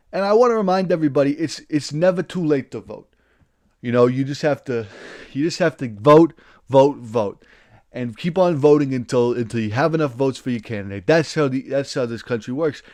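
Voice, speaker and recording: Hosting a livestream, a man with a mid-range voice performs a satirical, in-character political rant. He rambles, keeps cutting himself off and flares into loud indignation.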